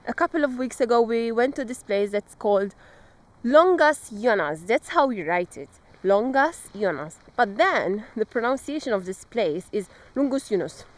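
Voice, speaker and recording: A woman chatting casually in a travel vlog outdoors, excitable and quick to exclaim. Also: on the high side. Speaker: travel vlogger. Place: outdoors on a road trip.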